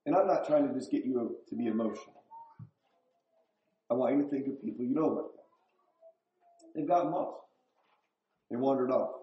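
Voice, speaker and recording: Mellow-voiced man preaching in an echoey church. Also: medium pitch, highs cut off. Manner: conversational, asks the congregation questions. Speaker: pastor. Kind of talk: sermon. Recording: echoey room.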